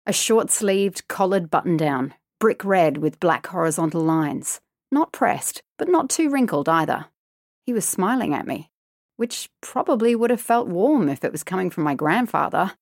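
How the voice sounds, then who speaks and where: A woman narrating a true horror story in a tense, hushed manner on a close mic. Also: on the low side, no room sound.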